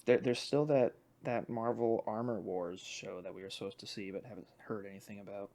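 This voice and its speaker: A man co-hosting a nerdy podcast talks in a gravelly, creaky voice. His chat is loose and joking, with casual swearing along the way. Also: lowish voice, fairly even intonation, a little fast, warm tone. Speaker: podcast co-host.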